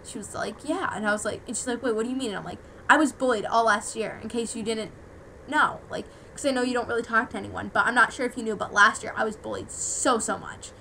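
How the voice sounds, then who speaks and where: Earnest teenage girl, bright voice. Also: fairly high pitch, quick pace, gravelly, slight background noise, poor audio. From United States. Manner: rambling, heartfelt, emotional storytelling with many "like"s. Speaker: vlogger. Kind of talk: personal vlog monologue.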